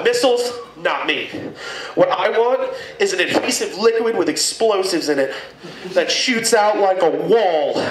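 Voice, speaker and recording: A man performing a crude, animated stand-up comedy set in a packed club. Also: high voice, recorded from a distance. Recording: echoey room mic'd from afar, loud crowd laughter.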